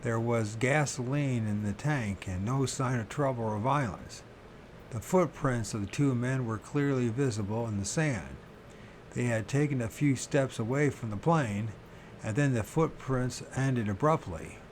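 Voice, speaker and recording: A man reading a book about strange disappearances aloud, slowly and haltingly, often restarting words and correcting himself. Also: mid-range voice, slight background noise. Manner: pauses to question his own pronunciation. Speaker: reader of a paranormal book.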